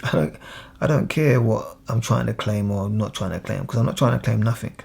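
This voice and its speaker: A man's voice: lowish voice, brisk, gravelly, darkish tone, husky. A man with a London accent, speaking in a reflective, casual monologue with frequent restarts and quoted voices. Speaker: speaker on identity.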